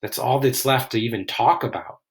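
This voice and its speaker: A man explaining a classic play line by line in a relaxed, casual way. His voice sits in a middle pitch, and he tosses in "like" often as he paraphrases. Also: fairly quick. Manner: reads quoted lines with raised dramatic emphasis, then explains casually. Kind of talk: line-by-line literature lesson.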